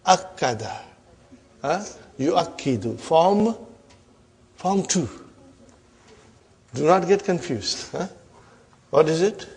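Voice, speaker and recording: Male grammar teacher, slightly high voice, drilling and quizzing students, constant "huh?" check-ins. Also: animated, takes it slowly, gravelly, long pauses, darkish tone, slightly rough. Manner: checks understanding with frequent "huh?" and "are you with me?"; drills students with repeated questions and term-by-term explanation. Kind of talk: classroom grammar lesson.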